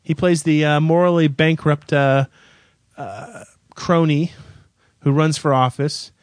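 A man's voice: fairly high pitch, fairly even intonation, slow, no echo, clean studio sound. A man co-hosting a radio show, sardonic and grumbling in bantering movie talk.

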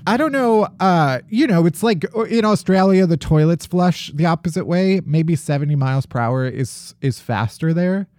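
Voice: medium pitch, expressive, moderate pace, hardly any pauses, darkish tone, no echo. A host reading odd news stories on a casual podcast, with dry jokes and laughter. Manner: jokey, dry asides, laughs while reading. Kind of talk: casual chat.

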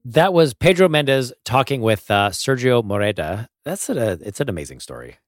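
A man's voice: medium pitch, very animated, normal speed, dry recording, faint music behind. A man hosting the show, chatting casually with a joking, hesitant manner and frequent fillers. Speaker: host. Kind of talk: casual chat.

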